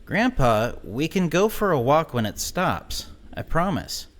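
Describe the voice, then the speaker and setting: A man's voice: a little high, big pitch swings, slow pace, voice pushed up. A man voicing a worried, exasperated young grandson pleading with his grandfather in an audio story.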